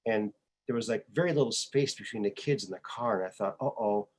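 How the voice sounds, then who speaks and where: A man hosting a podcast, telling personal stories in a casual, animated way and acting out the people he quotes. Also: fairly low pitch, fairly quick. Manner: animated storyteller who acts out quoted voices. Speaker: podcast host. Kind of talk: casual conversational storytelling.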